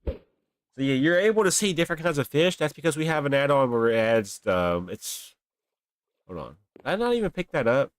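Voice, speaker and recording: Chatting casually with viewers, a young gamer livestreams while grumbling and exaggerating about his luck in an animated way. His voice is a little high, smooth and fairly quick, dry with no echo, through a desk mic on a webcam stream.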